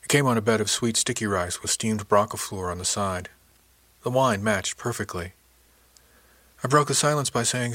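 A man giving a measured, even first-person audiobook narration. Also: on the low side, dry recording.

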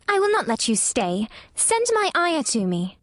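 A woman reading a storybook, putting on the voice of a spoiled little girl who speaks slowly, sulky and commanding. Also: sits high, big pitch swings, a bit bright, dry recording, pitched above the performer's own voice, full character voice. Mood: cross.

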